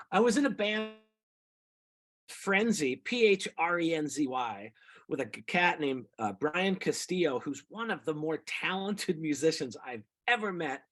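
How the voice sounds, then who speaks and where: Middle-aged musician guy rambling thru road stories, bit high voice, acts out what people said. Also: unhurried. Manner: rambling, animated anecdotes with quoted voices. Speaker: singer-songwriter guest. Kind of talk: casual storytelling interview.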